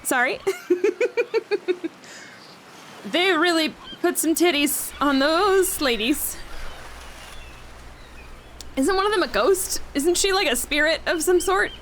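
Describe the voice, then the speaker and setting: A woman's voice: high voice, lively intonation, takes it slowly, long pauses, fairly bright tone, a little hiss or hum. A young woman streamer reading a game's text aloud with playful, giggly asides. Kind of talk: game playthrough, reading text aloud with commentary.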